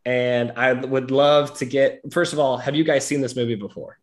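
A man's voice: mid-range voice, steady tone, normal speed. A young man hosting a casual movie discussion, chatty and rambling as he leads the talk. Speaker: podcast host. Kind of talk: casual chat.

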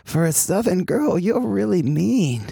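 Male host doing a hesitant, gravelly-voiced Queens barfly, soft and awkward. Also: sits high, expressive, pitched above the performer's own voice, full character voice. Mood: wounded. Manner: halting, mumbling, hesitant come-ons.

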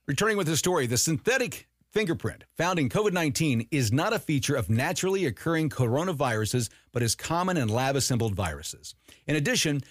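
Male host, opinionated commentary, emphatic, profane, repeats himself, animated pitch, dry close sound. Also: no echo.

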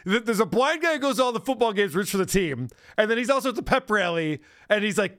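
A man's voice: high-pitched, lively intonation, fast, hardly any pauses, fairly bright tone, no room sound, clean studio sound. A man hosting a podcast in casual chat, mocking and sarcastic, laughing often. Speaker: podcast host.

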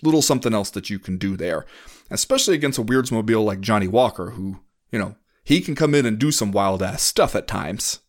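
A man's voice: lowish voice, lively intonation, fairly quick. A man co-hosting a podcast in casual chat, rambling and sardonic, often acting out quotes. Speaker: podcast co-host.

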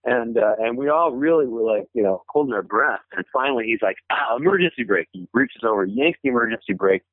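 A man's voice: mid-range voice, animated, fairly quick, no echo. A man telling stories as an interview guest, rambling with restarts and fillers and chuckling as he goes. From Michigan, USA. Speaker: interview guest, former punk band member. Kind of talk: casual storytelling in an interview. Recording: tinny phone line, dry.

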